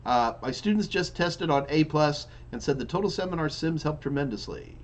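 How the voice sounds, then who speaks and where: Casting: male tech trainer hosting a live stream Q&A, chatty, with a slightly high voice, rambling and restarting. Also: lively intonation, moderate pace. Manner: loose and chatty, with frequent restarts and fillers. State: yawning repeatedly. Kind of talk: casual live-stream Q&A, reading viewer questions.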